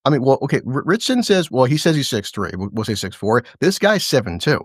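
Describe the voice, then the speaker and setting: A man hosting a casual recap chat, excitedly narrating fight scenes play-by-play with lots of swearing and laughter. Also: mid-range voice, fast talker, dry recording, clean studio sound. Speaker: show host.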